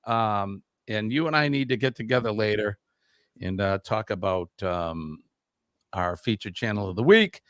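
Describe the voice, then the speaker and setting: A man's voice: on the low side, moderate pace, a bit bright, no room sound, clean studio sound. A man hosting a casual live quiz stream, reading viewer comments aloud in an upbeat way.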